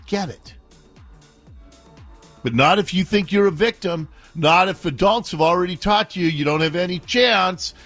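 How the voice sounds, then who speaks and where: A man from the Seattle area hosting a talk radio show, animated and indignant, arguing playfully with his co-hosts. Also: high-pitched. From Seattle area, USA.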